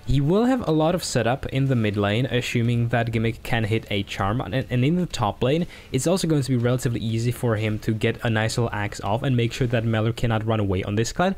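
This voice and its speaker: A man's voice: medium pitch, fast, few pauses, a little mellow. A man casting an esports match, breaking down picks and teasing his co-caster.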